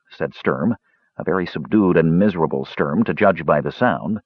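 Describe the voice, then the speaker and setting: A man narrating an audiobook in an expressive, measured reading. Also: very deep voice, husky, dry recording. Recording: dull lo-fi recording.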